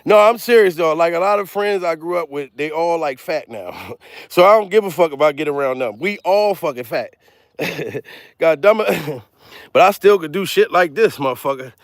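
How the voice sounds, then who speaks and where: A man's voice: a little high, normal speed, no echo, studio quality. A man doing a comedic livestream, out of breath and laughing as he rambles, swearing constantly. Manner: profane, laughing, excitable rambling.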